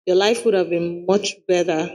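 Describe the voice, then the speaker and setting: A woman's voice: lowish voice, fairly even intonation, normal speed, warm tone. A woman hosting a podcast interview, asking questions with short encouraging prompts. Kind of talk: conversational interview.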